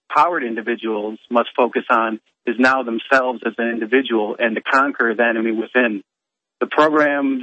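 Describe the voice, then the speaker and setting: Rambling young man on a phone line. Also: mid-range voice. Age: young adult. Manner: rambling, hesitant, long-winded. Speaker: caller. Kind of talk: call-in question. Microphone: telephone.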